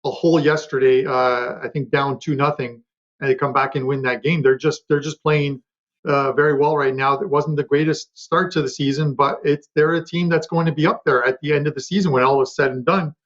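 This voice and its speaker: A man on a betting panel, chatting quickly about his picks with lots of fillers and restarts. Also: a little high, steady tone, a bit bright, dull audio. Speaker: sports betting handicapper. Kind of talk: casual panel talk.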